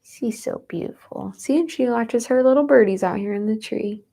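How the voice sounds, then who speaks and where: A woman's voice: on the high side, brisk, vocal fry. A young woman in her twenties hosting a casual livestream from home, chatting with viewers and reading their comments. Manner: chatty, giggly, coos softly at her cat. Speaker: livestream host.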